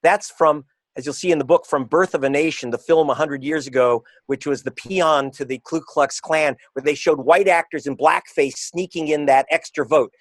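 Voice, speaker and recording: A man being interviewed as an author and reporter, talking in an emphatic, combative way and slowing down to stress his points. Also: fairly high pitch, fairly even intonation, dry recording. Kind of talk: interview guest.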